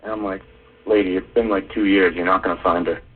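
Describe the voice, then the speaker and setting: Lowish voice guy phoning in deadpan jokes, phone-line sound. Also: fairly quick. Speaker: caller. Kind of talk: telling a joke on the phone.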